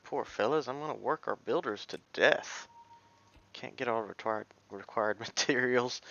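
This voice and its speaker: Gravelly man thinking aloud over gameplay. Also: mid-range voice, measured pace, a bit bright, muffled recording. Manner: thinks aloud while playing, mutters half-sentences. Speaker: let's play streamer. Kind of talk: casual gameplay commentary.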